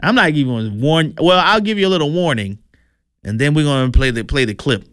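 Brief: man, political commentator, higher voice, chatty and wry. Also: expressive, a little fast, fairly bright tone, no room sound, studio quality. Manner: chatty, wry, stumbles on words.

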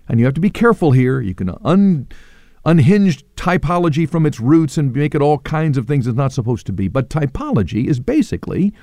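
A man teaches scripture on his radio hour in a mellow, unhurried voice. His pitch moves a great deal as he thinks aloud, with small restarts. The sound is dry and close. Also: no room sound. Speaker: radio Bible teacher and host.

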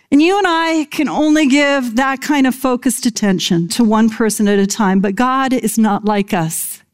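Slow, earnest woman preacher. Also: fairly high pitch. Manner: earnest, slow and deliberate, dropping to a whisper on key phrases. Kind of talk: sermon.

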